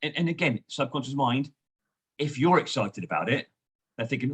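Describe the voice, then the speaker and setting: A man, a sales trainer and guest, coaching in a lively, emphatic way. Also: medium pitch, normal speed, slightly rough. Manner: lively, emphatic coaching with frequent "you know". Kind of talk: coaching conversation.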